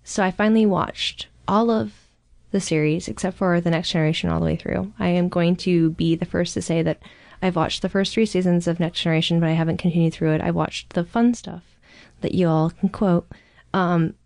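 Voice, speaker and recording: A woman's voice: lowish voice, vocal fry, darkish tone, dry recording, clean studio sound. A woman in her thirties chatting eagerly and casually on a podcast, rambling and swearing now and then. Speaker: podcast co-host. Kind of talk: casual chat.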